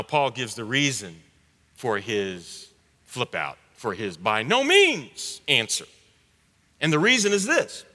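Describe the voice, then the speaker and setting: Bright-voiced pastor guy, lively up and down delivery, big echoey church hall. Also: a little high. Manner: dramatic swings from loud to hushed. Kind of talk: sermon. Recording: long hall reverb.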